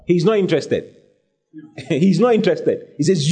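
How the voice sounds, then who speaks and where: A man preaching a sermon with a mellow, slightly husky voice. His delivery swoops up and down with energy as he hammers home repeated lines. He reads scripture aloud between his urgings. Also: fairly high pitch, animated, a little slow, long pauses.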